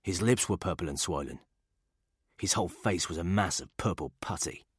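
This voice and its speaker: A man giving steady, measured scripted narration of a thriller audiobook. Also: deep voice, husky, dry recording, clean studio sound.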